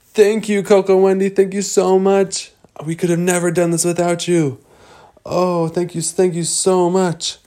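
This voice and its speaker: A man putting on a tiny, jumpy cartoon-style fish with a very high, squeaky voice. He blurts out short, excitable exclamations. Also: breathy edge. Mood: grateful. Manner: squeaky, panicky, quick exclamations.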